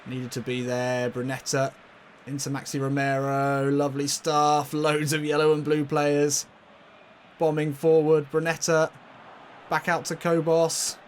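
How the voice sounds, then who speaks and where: A man commentating casually on his own football video game match, getting loudly excited and laughing at near misses. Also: a little high, a little slow, a little hiss or hum. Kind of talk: casual let's-play commentary.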